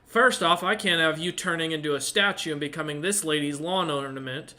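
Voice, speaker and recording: Man doing a shrill, irate tiefling devil butler. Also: brisk, sharp tone. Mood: exasperated. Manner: exasperated, scolding, threatening.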